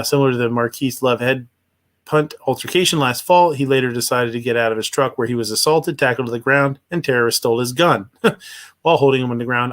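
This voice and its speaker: A man's voice: medium pitch, fairly bright tone. Rambling man hosting a livestream. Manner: rambling, hesitant, many fillers and restarts. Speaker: livestream host. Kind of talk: casual commentary on news.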